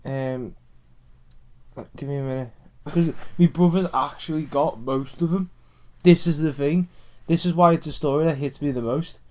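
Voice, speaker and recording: A man's voice: fairly high pitch, fairly even intonation, normal speed, darkish tone. Blunt sweary man in his twenties. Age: 20s. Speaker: podcast co-host. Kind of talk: casual chat.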